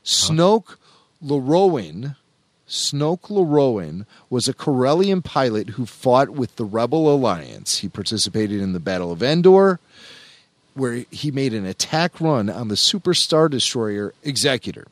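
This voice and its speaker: A man's voice: mid-range voice, very animated, unhurried, dry recording. A man co-hosting a podcast in a playful, jokey casual chat, laughing often. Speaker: podcast co-host.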